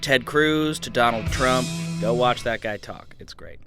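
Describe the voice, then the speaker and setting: A man's voice: mid-range voice, measured pace, over loud music. A man co-hosting a podcast, introducing each storyteller in an upbeat, friendly way. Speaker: podcast co-host. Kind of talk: introducing segments.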